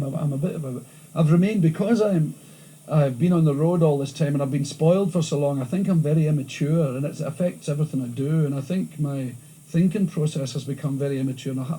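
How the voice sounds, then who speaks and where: Glaswegian man in a lively interview. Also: on the high side, husky, rough recording. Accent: Glasgow. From Scotland. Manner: animated storytelling, frequent restarts. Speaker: interviewee, comedian. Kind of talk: candid interview chat. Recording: old VHS tape with faint hiss.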